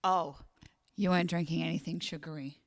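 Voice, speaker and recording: A woman's voice: low voice, steady tone, a little fast, vocal fry. A woman with an Australian accent hosting a casual live stream, chatting and reading out viewer comments. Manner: chatty, reads out viewer comments, laughs often. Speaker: live stream host and singer.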